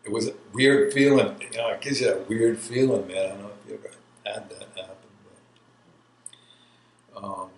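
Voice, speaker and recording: An oral history interview features a New York army veteran in his sixties telling his life story, rambling and laughing. His lowish voice has fairly even intonation and a normal speed, broken by long pauses. Faint hiss runs under the roomy recording.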